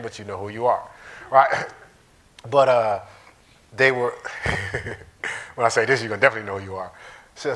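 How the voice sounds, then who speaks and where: A man's voice: mid-range voice, fairly bright tone. A man pastor giving a casual, conversational sermon in a church, joking and talking straight to the congregation. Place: church sanctuary.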